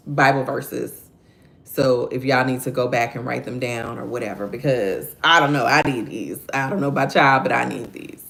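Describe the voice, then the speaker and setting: Lady in her 30s doing a morning devotion stream, deep voice w some fry, gets real excited and chats with viewers. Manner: animated and exclamatory, reading verses then commenting aloud; talks to viewers directly, reading their chat names. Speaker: devotional host.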